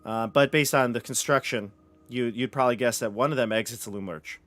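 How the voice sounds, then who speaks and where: A man at a mid pitch narrating a tabletop role-playing game as its dungeon master. He lays out the scene in detail and reads room descriptions to the players. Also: fairly quick, a bit bright.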